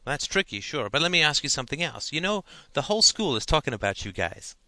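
A man's voice: fairly high pitch, very animated, fast, pushed and bright, no echo, studio quality, voice pushed up, exaggerated voice. Man doing an awkward, stammering teenage boy. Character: awkward, probing teenage schoolboy.

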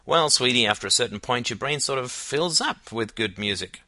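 A man's voice: mid-range voice, animated, normal speed, pushed and bright, no room sound, pitched above the performer's own voice. A man reading a stern, lecturing father. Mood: gentle. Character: middle-aged father, music lover, stern. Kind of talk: audiobook character voice.

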